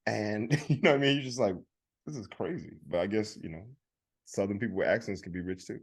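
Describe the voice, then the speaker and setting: A man's voice: fairly low pitch, expressive, rapid-fire. A man from Alabama co-hosting a podcast in casual chat, laid-back and laughing often. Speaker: podcast co-host.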